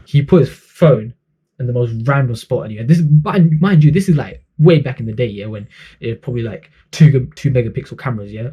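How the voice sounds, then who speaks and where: Husky man telling a story. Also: mid-range voice, dark tone. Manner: chatty, with frequent slang fillers. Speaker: vlogger. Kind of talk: casual storytelling.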